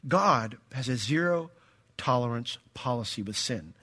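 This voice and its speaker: Pastor mid-sermon, bright voice, lots of pitch movement, emphatic. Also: male voice, a little slow, slightly rough. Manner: animated, emphatic preaching with acted-out quotes.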